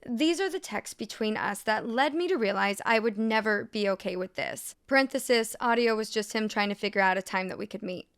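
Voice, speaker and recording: Woman, host reading posts aloud, sarcastic commentary, frequent laughter, clear resonant voice. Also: mid-range voice, brisk, hardly any pauses.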